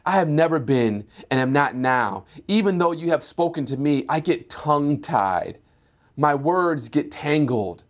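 Male preacher, sermon, plays both sides of Bible dialogue, builds up in pitch. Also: expressive. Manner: acts out Moses and God in quick dialogue; rising to a higher, louder pitch as he builds.

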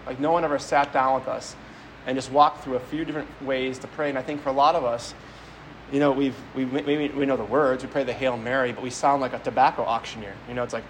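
A man's voice: medium pitch, steady tone, quick pace, a little hiss or hum, poor audio. A man preaching a homily as a priest, speaking conversationally, telling stories and often repeating words as he goes. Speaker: Catholic priest.

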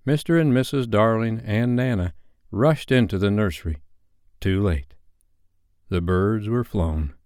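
A man reading a classic children's novel aloud as a bedtime story, in an expressive, lively manner. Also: fairly low pitch, measured pace, smooth, no echo, clean studio sound.

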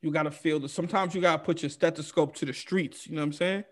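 An energetic New comedian talks in street slang and swears freely. His voice is a little higher than most men's. He tells his stories with animated bursts. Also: fast. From New York, United States. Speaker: comedian guest. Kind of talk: casual podcast chat.

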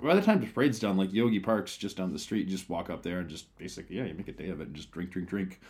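A low-voiced man rattles off anecdotes quickly on a casual drinking show. He stumbles and repeats words as he goes, swearing now and then. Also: lively intonation, darkish tone. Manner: fast, repeats words, stammering restarts. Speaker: co-host of a drinking talk show. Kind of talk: casual chat. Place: Japan.

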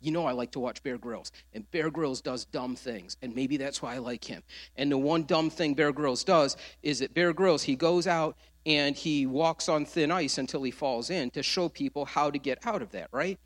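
Pastor, male, higher voice, earnest sermon delivery with dramatic pauses. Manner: earnest preaching, quoting scripture with dramatic pauses.

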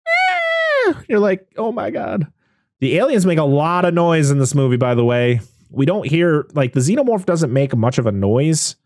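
A man's voice: fairly high pitch, lively intonation, moderate pace, a little mellow, no echo, clean studio sound. A man casually recapping a film on a podcast, laughing often and acting out the characters' lines. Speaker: podcast co-host. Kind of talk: casual movie recap chat.

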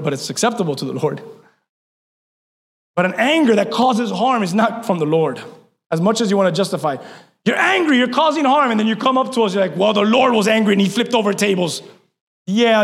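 Male pastor, high and bright-toned, lively emphatic preaching, reverberant church hall. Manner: animated preaching, swings from loud emphatic to hushed. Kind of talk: sermon.

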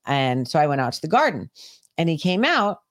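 Lady podcast cohost, kinda low voice, swears a lot telling stories. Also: a little fast, dry recording, clean studio sound. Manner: profane, animated storytelling. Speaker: podcast co-host. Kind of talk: casual chat.

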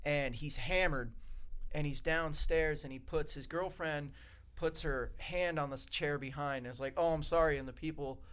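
A man's voice: a little high, fairly bright tone, clean tone. A man telling a story about throwing out a drunk patron in casual, profane chat. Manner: loose, profane, chimes in with quick reactions.

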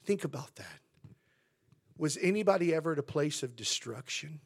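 Gravelly-voiced male pastor preaching. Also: animated, normal speed. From Southern California. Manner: swells loud and high for emphasis, then drops to hushed tones. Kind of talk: sermon.

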